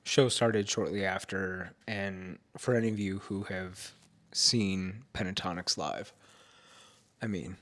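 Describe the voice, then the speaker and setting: A man's voice: sits low, slow, a bit bright. A man vlogging at home late at night, tired and with a stuffed-up nose, recapping his evening in a rambling, casual way. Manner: rambling, with fillers and restarts.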